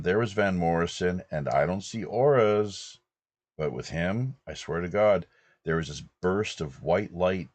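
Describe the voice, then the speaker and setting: A man in his fifties from British Columbia, hosting and rambling through a relaxed anecdote. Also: sits low, no room sound. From British Columbia, Canada. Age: 50s. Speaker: host. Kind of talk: casual anecdotal chat.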